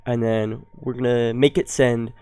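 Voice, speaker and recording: A young man hosting a coding tutorial, explaining step by step and thinking aloud, with ums and quick self-corrections. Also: mid-range voice, flat delivery, mellow, clean tone, dry recording. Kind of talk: screen-recorded coding tutorial.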